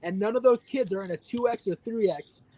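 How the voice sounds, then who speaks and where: A man's voice: high voice, brisk, dark tone, poor audio. A man co-hosting a casual podcast, delivering a heated, profanity-filled mock rant. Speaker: podcast co-host.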